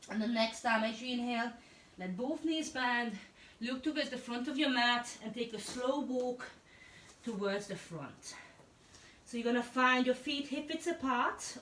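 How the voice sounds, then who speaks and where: Woman yoga teacher, higher voice, calm steady cueing, echoey room, mic set back. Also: recorded from a distance. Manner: calm, encouraging cueing of breath and poses. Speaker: yoga and pilates instructor. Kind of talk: guided yoga class instruction.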